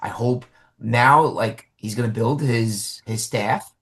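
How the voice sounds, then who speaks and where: A man's voice: medium pitch, takes it slowly. A man hosting a casual sports podcast, rambling with lots of restarts. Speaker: podcast host.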